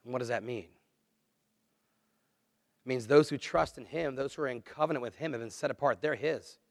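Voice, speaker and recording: A man preaching a sermon, earnest and conversational, swinging between quiet, low asides and louder, emphatic lines. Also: brisk, vocal fry, no echo, studio quality. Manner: earnest, conversational preaching with dramatic dips and swells. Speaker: pastor.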